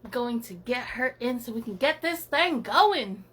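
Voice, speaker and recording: A woman's voice: a little high, expressive, a little slow, a bit bright, slightly rough. A woman hosting a live podcast, talking in an upbeat, chatty way and often repeating herself. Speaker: podcast host. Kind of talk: casual live-stream chat.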